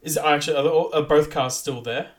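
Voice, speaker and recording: A man's voice: a little high, fairly even intonation, fairly quick. A man playing a tabletop game who speaks hesitantly, with many fillers and laughs. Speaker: player.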